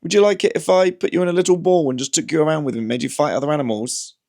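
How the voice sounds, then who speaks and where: A high, sing-song cooing voice meant for a pet, put on by a man. It lifts well above his normal speech and lilts as it fusses over the animal. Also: very fast, creaky, a little mellow. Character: doting pet owner's sing-song baby voice.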